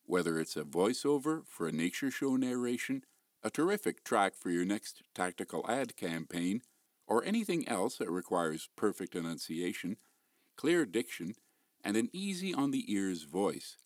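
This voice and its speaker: A man voice actor delivering a polished voiceover demo pitch that showcases his range of voices and accents, recorded close on a studio mic. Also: very animated, unhurried, no room sound.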